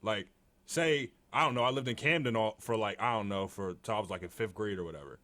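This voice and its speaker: A young man co-hosting a podcast, talking in a relaxed, conversational way with a deep voice and lots of filler words. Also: quick pace. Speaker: podcast co-host. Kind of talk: casual chat.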